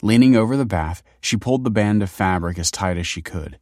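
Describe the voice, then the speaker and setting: A man narrating a dark, scripted story in a steady, grave manner. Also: lowish voice, a little fast, no room sound, clean studio sound.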